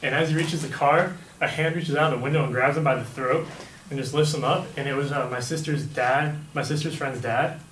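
Brisk and a bit bright, a young man's steady, medium-pitched voice wanders through a personal anecdote full of "like" and "right?". It was captured in an echoey room from a distant mic, with a faint hum underneath.

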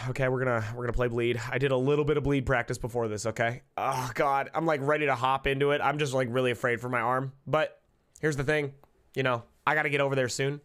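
A young man streaming live, chatting casually and loudly with lots of swearing, jumping between shouts and mutters. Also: mid-range voice. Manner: loud, profane, jokey, swings between shouts and mutters. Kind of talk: casual livestream chat.

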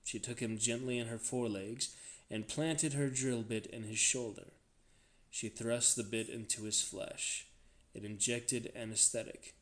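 A man reads a tense novel aloud with a dramatic, expressive delivery. His voice sits at an ordinary middle pitch, rising and dropping with the action of the story. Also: unhurried. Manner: dramatic, varied expressive reading. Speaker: reader.

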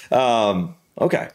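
An American man reacting to a video in a casual, halting way, thinking aloud with fillers and restarts. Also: medium pitch, very noisy. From United States.

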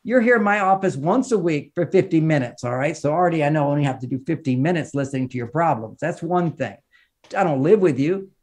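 Man, relationship counselor on a podcast, somewhat high voice, emphatic, teacherly, laughs mid-sentence. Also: fast talker. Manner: emphatic, lively, teacherly, often laughing while talking. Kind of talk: podcast conversation, advice and explaining.

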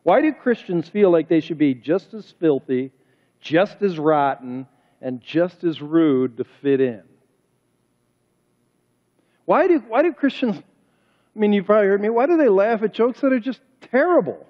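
A man's voice: high-pitched, very animated, unhurried, long pauses. A man preaching a sermon as pastor, talking emphatically and firing off rhetorical questions, recorded in a church sanctuary. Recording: reverberant hall, dull lo-fi sound.

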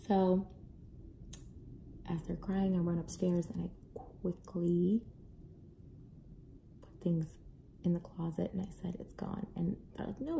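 A young adult mother casually telling a family story to camera, animated, acting out voices now and then. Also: on the low side, gravelly, slight background noise. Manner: animated, acts out kids' and own voices. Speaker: parent vlogger.

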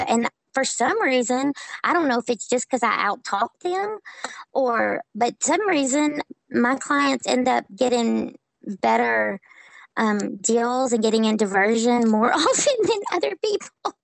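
A woman's voice: on the high side, measured pace, gravelly, dry recording, low-quality recording. Laughing Southern woman on a video call. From Memphis, Tennessee. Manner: animated, laughing, quotes others in voices. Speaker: interviewee. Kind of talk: casual interview. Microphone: Skype call.

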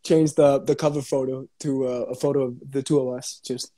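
Young man, mellow and joking. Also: medium pitch, flat delivery, fairly quick. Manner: joking, laughs often, repeats himself. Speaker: actor hosting a live watch-along. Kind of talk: casual chat. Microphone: phone on a live stream.

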